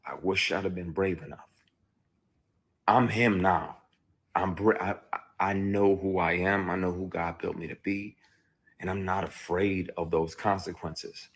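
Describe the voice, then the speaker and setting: Deep husky man, heated and emphatic. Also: fairly even intonation, a little slow. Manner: emphatic, heated storytelling with sudden loud outbursts. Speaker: actor. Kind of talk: candid livestream monologue. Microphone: phone on a live stream.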